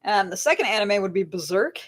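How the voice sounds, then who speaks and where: Animated woman author telling stories. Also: medium pitch, brisk. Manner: animated storyteller, laughs often, acts out voices in anecdotes. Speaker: author guest. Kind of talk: casual interview chat.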